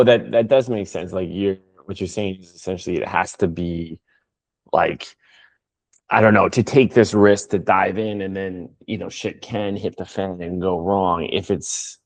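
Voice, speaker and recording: Low-voiced podcast host, dry sound. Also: male voice, gravelly, darkish tone, no echo. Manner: casual, agreeable, filler-heavy. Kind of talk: casual conversation.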